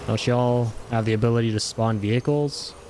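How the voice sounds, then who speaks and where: A man's voice: mid-range voice, fairly even intonation, normal speed, noisy background. A man streaming a video game, chatting casually and playfully, joking and swearing as he plays. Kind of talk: casual gameplay commentary.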